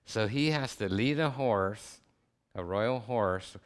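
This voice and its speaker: Guest preacher, male, deep and clear-toned; casual storytelling sermon with laid-back, slangy phrasing. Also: takes it slowly. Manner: retells scripture in everyday slang. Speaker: guest speaker. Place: chapel.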